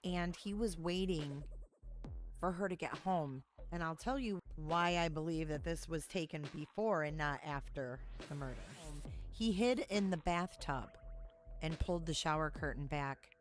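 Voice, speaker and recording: A woman hosting a podcast, narrating and commenting in a measured, serious way. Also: low-pitched, soft background music. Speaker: podcast host. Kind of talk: true-crime podcast narration.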